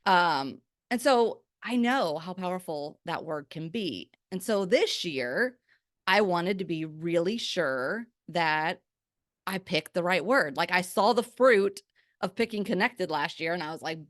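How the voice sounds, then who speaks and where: An energetic woman gives a faith-based pep talk on her podcast. She talks in a chatty, lively way, full of "like" fillers. The recording is dry and close, with no room echo. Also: lowish voice. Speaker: podcast host.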